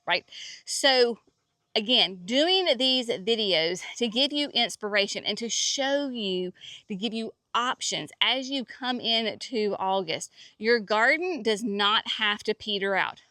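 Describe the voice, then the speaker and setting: A woman's voice: mid-range voice, bright, forceful tone, no echo. A woman from North Carolina, chatting folksily and with enthusiasm as she hosts a walk through her garden. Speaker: garden center host. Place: outdoor garden.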